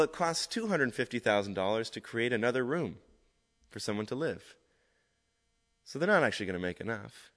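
A man giving a conversational, animated sermon as a preacher. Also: medium pitch. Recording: echoey hall.

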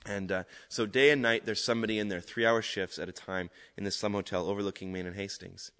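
A man's voice: lowish voice, steady tone, fast talker, fairly bright tone. Male preacher, conversational storytelling style, recorded in a reverberant hall. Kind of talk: sermon. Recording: echoey hall.

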